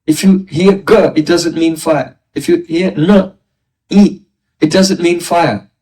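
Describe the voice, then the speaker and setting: A man's voice: fairly high pitch, fairly even intonation, takes it slowly, dark tone. A man giving a philosophy lecture as a spiritual teacher, explaining step by step and asking rhetorical questions. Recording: voice distant from the mic.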